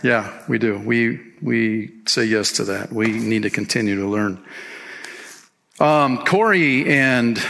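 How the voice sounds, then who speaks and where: Gravelly, bright-voiced man preaching in a hall. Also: medium pitch, takes it slowly. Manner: animated, sings hymn lines and reads book passages aloud. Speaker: pastor. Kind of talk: sermon. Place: church sanctuary. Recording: long hall reverb.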